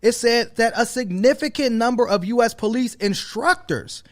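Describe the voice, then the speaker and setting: A man's voice: extremely high pitch, moderate pace. A man hosting a casual podcast discussion, emphatic and repeating himself with many fillers. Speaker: podcast host.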